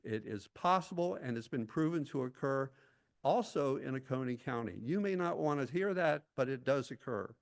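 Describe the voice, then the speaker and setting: A man's voice: medium pitch, animated, moderate pace, creaky. A man giving an intense, prepared public comment at a town hall meeting, reading his remarks with occasional asides.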